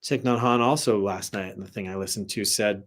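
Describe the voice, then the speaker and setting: A man giving a live spiritual teaching in a relaxed, conversational way, often asking "right?" and swearing now and then. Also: lowish voice, a little fast.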